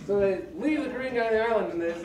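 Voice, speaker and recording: A man with a very high voice spins a long joke from a stage, dropping into quick voices for each character. He sounds far from the mic in an echoey hall, with a loud crowd around him. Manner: loose storyteller, puts on voices for the people in his jokes. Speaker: comedian in a family variety act. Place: large hall, live show.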